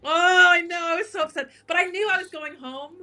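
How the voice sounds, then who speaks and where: A woman's voice: extremely high pitch, fairly quick, pushed and bright. A woman guest on a talk show, telling a story casually, acting out quotes and laughing often. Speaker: guest, drag king entertainer.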